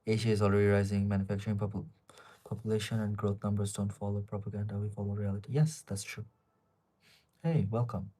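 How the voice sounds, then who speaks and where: On a casual live stream, a young man in his twenties with an Asian accent in English reads out viewer questions and answers them off the cuff, rambling from point to point. He talks fast in a low, warm voice with fairly even intonation.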